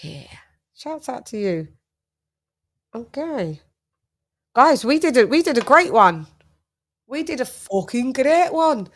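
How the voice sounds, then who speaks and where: A woman's voice: high-pitched, sing-song, slow pace, long pauses. Chatty British woman hosting a livestream. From United Kingdom. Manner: chatty, laughing, shouting out viewers. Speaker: boxing livestream host. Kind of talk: casual livestream chat reading viewer comments.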